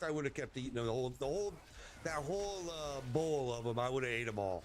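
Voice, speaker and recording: A man telling a rambling, animated story in casual chat while gaming, swearing casually along the way. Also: medium pitch, fast, a little hiss or hum.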